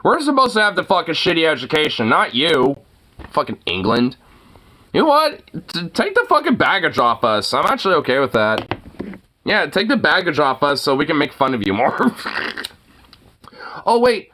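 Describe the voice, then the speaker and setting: This is a streamer, giving loose, profanity-filled commentary while reacting to clips. The talk rambles through constant filler words and mocking asides, broken up by laughter. The pitch is mid-level but swoops widely and expressively. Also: sing-song, normal speed, pushed and bright, a little hiss or hum. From United States.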